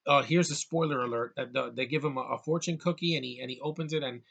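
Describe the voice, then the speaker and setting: A man's voice: mid-range voice, fast, gravelly, fairly bright tone, breathy edge, muffled recording. A man giving a casual, rambling movie review, sarcastic and full of restarts.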